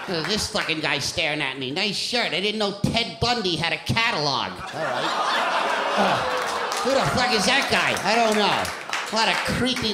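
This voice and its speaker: Brash high-voiced comic in an echoey club. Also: male voice. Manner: brash, profane, laughing at his own jokes. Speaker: stand-up comedian. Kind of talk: crowd-work stand-up. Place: comedy club stage. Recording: echoey club with loud room noise.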